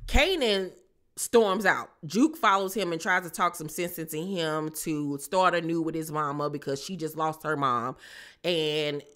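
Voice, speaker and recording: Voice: mid-range voice, unhurried, a bit bright. A channel host giving a casual recap of a TV episode, sassy and full of slang, with frequent asides to viewers.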